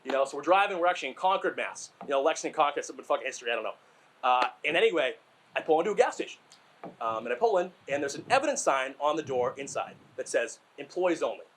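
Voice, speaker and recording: This young man from Massachusetts performs stand-up in an expressive, fast voice that's fairly high and fairly bright, with a little hiss or hum in the recording. He sounds out of breath while telling rambling, crude jokes about himself, stuffed with fillers and tangents.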